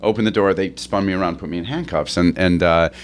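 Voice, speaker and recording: A man's voice: sits low, fast talker. A middle-aged man, an actor, telling a rambling anecdote with many restarts and laughs, often raising his voice to act out other people's lines. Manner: acts out others' lines in a raised voice. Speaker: interview guest, actor.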